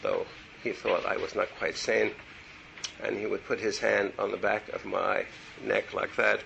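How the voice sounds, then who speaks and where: A man's voice: fairly low pitch, little pitch movement, unhurried, vocal fry, a bit bright, dull audio, slight background noise. An older man giving a meandering university lecture on poetry, full of digressions and asides. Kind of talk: classroom lecture. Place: lecture room.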